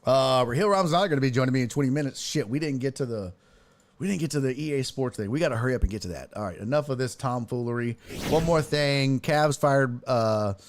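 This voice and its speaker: A man's voice: medium pitch, brisk. A man hosting a casual sports talk stream from a desk mic, reading viewer chat aloud, profane and joking. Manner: animated, profane, reads chat aloud and jokes. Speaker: sports talk show host.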